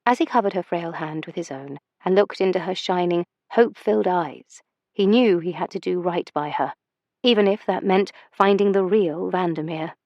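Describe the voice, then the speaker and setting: A woman narrating a historical romance audiobook in a measured, expressive storytelling manner. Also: lowish voice, no echo, lo-fi sound.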